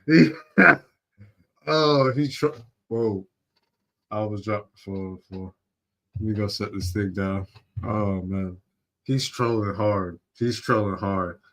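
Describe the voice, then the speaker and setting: Male streamer host, low and slow, slangy and laughing, reacting to clips. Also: little pitch movement. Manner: laughs often, slangy, curses then apologizes. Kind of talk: casual reaction commentary.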